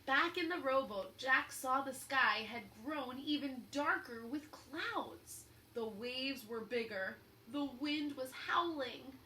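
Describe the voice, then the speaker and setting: A woman teacher reading a children's book aloud at story time, expressive and encouraging. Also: sits high, takes it slowly, few pauses, far from the mic, slight background noise, low-quality recording.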